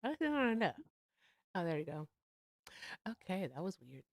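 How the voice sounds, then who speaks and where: A woman hosting a live debate stream, speaking directly and explaining in measured terms. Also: fairly low pitch, sing-song. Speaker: host.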